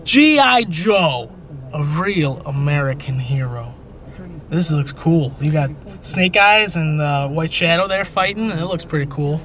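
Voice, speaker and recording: A young man chats as a co-host in a goofy, hyper way. His voice sits high and swoops all over, jumping into loud excited yelps. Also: unhurried. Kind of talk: casual comedic chat.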